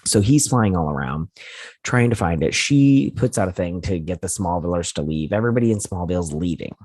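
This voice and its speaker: A man's voice: low voice, expressive, a little fast, a little mellow, no echo, clean studio sound. A sleepy man hosting a TV review channel, casually retelling an episode in a rambling, self-correcting way and often unsure of details. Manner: rambling, loose retelling full of "he's like" and "and everything". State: sleepy, yawning.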